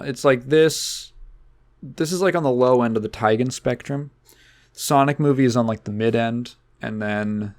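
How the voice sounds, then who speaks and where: A young man hosting a casual podcast, rambling loosely with lots of fillers and the odd curse. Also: mid-range voice. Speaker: podcast host. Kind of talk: casual chat.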